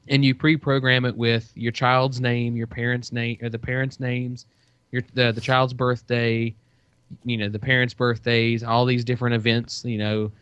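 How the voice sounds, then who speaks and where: A man's voice: medium pitch, fairly bright tone, clean tone, dry recording. A man in casual podcast chat, telling a long story with plenty of "you know" and "uh". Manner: rambling storytelling, many fillers. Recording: dull dry lo-fi sound.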